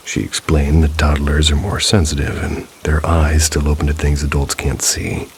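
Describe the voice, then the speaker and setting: A male narrator with a strikingly low, gravelly voice reads eerie first-person stories. He keeps a scripted, measured delivery broken by dry, wry asides. A faint hiss of rain runs underneath. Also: level tone. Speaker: storyteller reading viewer stories.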